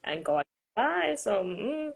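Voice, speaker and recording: A woman, a podcast host chatting casually about faith in a fast, emphatic, sassy way. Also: fairly high pitch, sing-song, gravelly, slight background noise, low-quality recording.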